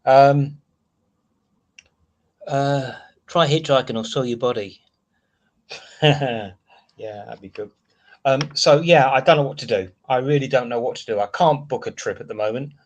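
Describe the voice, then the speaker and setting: A man's voice: mid-range voice, a little slow, pauses often. Frustrated Englishman ranting on a livestream. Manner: frustrated rambling rant, reading out chat comments. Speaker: livestream host. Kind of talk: casual live chat.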